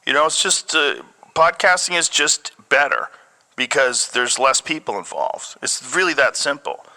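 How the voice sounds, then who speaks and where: A man's voice: on the high side, moderate pace, vocal fry, long reverb tail. A middle-aged man hosting a podcast in casual chat, swearing freely and acting out the voices he quotes. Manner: profane, animated, acts out quoted voices. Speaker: podcast host. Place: podcast studio.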